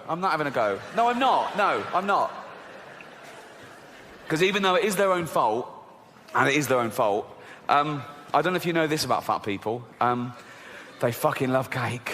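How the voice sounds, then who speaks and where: A man's voice: sits high, fairly bright tone. A middle-aged man doing a sweary, mocking stand-up routine full of rhetorical asides. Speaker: stand-up comedian. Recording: large hall with crowd noise.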